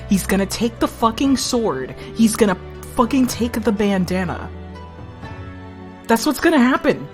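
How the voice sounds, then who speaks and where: A woman streaming a game, reacting loudly with laughter, swearing and excited outbursts. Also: on the high side, unhurried, over music. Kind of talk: casual gaming commentary.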